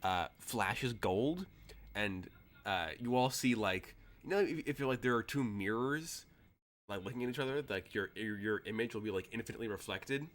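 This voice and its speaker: A man's voice: fairly low pitch, moderate pace, a bit bright. A man narrating as game master of a tabletop game, rambling with many fillers.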